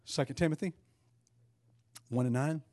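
A man's voice: a little high, normal speed, warm tone, no room sound. A man leading an interactive Bible study, speaking conversationally, asking the class questions and restarting phrases as he goes.

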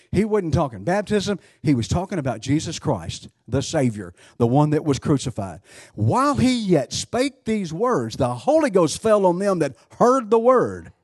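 A man's voice: on the high side, a little mellow, breathy edge, no echo, clean studio sound. A man preaching a sermon, emphatic, asking rhetorical questions and often restarting his sentences.

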